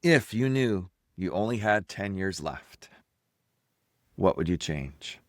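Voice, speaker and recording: A man's voice: sits low, lively intonation, takes it slowly, no echo, clean studio sound. A man in his fifties from Canada, a life coach and podcast host, talking at home in a candid, self-reflective solo monologue.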